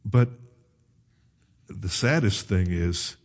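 Husky man preaching conversationally. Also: deep voice, lively intonation, drawn-out words. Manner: conversational preaching with self-corrections and asides. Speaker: pastor. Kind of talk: sermon.

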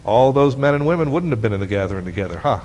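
A man preaching a sermon as pastor, animated and often asking the congregation questions. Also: mid-range voice, rapid-fire. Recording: long hall reverb.

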